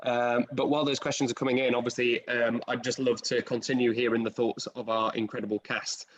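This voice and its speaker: A man's voice: medium pitch, little pitch movement, a little fast. Chatty man hosting a video-call panel. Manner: chatty, self-deprecating, many fillers. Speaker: host and director. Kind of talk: casual post-show panel chat.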